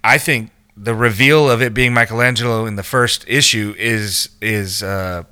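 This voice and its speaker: An excitable man talking comics on a podcast, repeating words as he rushes to make his point. His voice is very bright. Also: lowish voice, clear, resonant tone. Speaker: podcast co-host. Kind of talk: casual chat.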